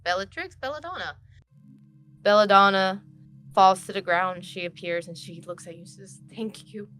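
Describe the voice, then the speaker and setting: Giggly bright-voiced woman game master. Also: medium pitch, animated, normal speed. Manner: giggly, laughs often while narrating. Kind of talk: narrating a tabletop game.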